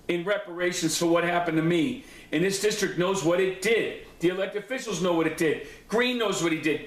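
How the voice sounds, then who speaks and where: A man's voice: high voice, fairly bright tone. A man giving a blunt, profane, confrontational recap of a board meeting, speaking straight to the people involved. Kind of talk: angry personal recap monologue. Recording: echoey room.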